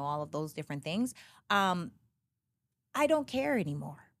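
A woman's voice: medium pitch, no echo. Emphatic woman telling her story. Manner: emphatic, animated storytelling with frequent restarts. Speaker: podcast guest. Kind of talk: candid podcast conversation. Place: podcast studio. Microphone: studio podcast mic. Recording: dry close studio sound.

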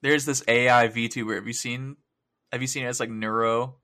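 A man co-hosting a casual gaming podcast, excitable, laughing and swearing casually as he talks. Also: mid-range voice, normal speed. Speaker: podcast co-host.

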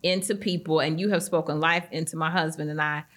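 A middle-aged woman hosting a podcast, chatting warmly with her guest and acting out the voices in her own stories with lively swings in pitch. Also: fairly quick. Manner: animated storyteller, acts out quoted voices. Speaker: podcast host. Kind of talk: casual interview chat.

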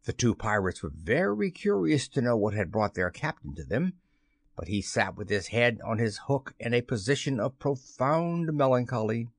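A man narrates a classic children's novel as an audiobook, his mid-range voice measured and expressive. The scripted reading is recorded dry, with clean studio sound.

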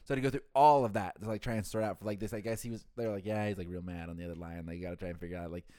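A man's voice: low voice, racing, clear, resonant tone, dry recording, studio quality. A man working a hotel front desk, chatting casually and acting out the callers he deals with, swearing freely as he goes. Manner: animated storyteller, acts out callers in quoted voices, swears casually. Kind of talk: casual chat.

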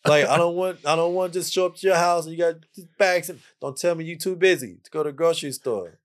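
A man's voice: fairly high pitch, fast. A man guest on a casual podcast, playfully lecturing his listeners and repeating phrases for emphasis. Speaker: podcast guest, jazz musician.

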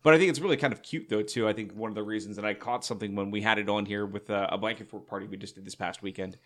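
A man's voice: lowish voice, fairly even intonation, very fast. Rambling man chatting on a podcast. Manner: rambling, filler-heavy. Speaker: podcast co-host. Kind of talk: casual chat.

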